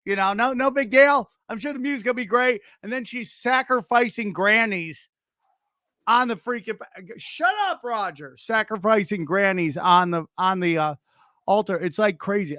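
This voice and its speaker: A man with a notably high voice rants through a casual comedy commentary, excitable and loose with his swearing. He keeps breaking off mid-thought to scold a barking dog. The sound is dry and close, with no room around it. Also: moderate pace, dry recording. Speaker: podcast host reacting to videos.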